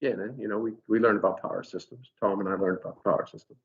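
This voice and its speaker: A male engineer telling an animated anecdote in a casual recorded talk, with frequent restarts. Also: lowish voice, fast talker. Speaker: engineer at a company experience center. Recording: dull lo-fi sound.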